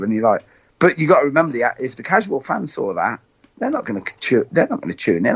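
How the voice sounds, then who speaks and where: A man's voice: mid-range voice, very animated, fast talker, slightly rough. Rambling sweary man on a podcast. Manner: rambling, repeats words, swears freely. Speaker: panelist. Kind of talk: casual podcast chat. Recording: dull lo-fi podcast audio.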